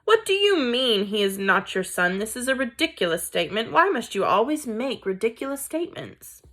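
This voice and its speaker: A woman's voice: on the high side, big pitch swings, moderate pace, fairly bright tone. A woman voicing a haughty French mother mouse who speaks with a French accent and scoffs at everything her husband says. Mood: exasperated. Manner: exasperated, scoffing.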